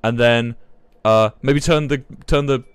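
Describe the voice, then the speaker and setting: A young man, commentating a live game stream in a flustered, excitable way, swearing and laughing. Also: mid-range voice, unhurried, clear, resonant tone, no room sound. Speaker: livestreamer.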